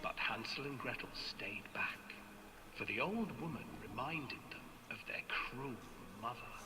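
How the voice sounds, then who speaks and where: A man narrating a dark fairy tale for a game in a theatrical voice that drops to a hush. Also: mid-range voice, animated, unhurried, noisy background, natural voice. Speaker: storybook narrator. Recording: long reverb with music behind.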